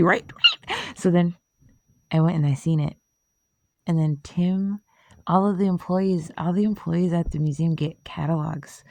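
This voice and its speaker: A woman's voice: low-pitched, gravelly, mellow. A woman chatting casually in a rambling way, swearing, laughing often and losing her train of thought. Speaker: vlogger.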